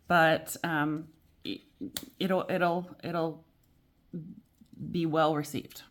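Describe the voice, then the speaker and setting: A woman with a notably low voice reads tarot cards for the week in a loose, chatty way. She wanders, restarts her sentences and laughs lightly, but keeps a gentle, encouraging tone throughout. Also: steady tone, slow pace, long pauses. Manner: rambling, self-correcting, often laughs. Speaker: tarot reader. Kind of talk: casual weekly tarot reading.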